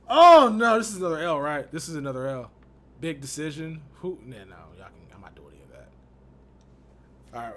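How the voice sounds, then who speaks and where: A man's voice: on the high side, sharp tone, slight background noise. A young man from Texas giving casual, slangy commentary on a sports video game, exasperated and laughing often. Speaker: gaming YouTuber.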